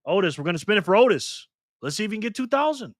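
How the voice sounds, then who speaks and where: A man hosting a live stream in a loose, joking way, reading the chat messages out loud. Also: high-pitched, very animated, racing, slight background noise. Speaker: livestream host.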